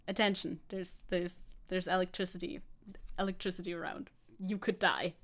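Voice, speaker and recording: A woman's voice: on the low side, steady tone, normal speed. A woman streamer giving casual, sarcastic commentary, laughing often and swearing. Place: hot room at home.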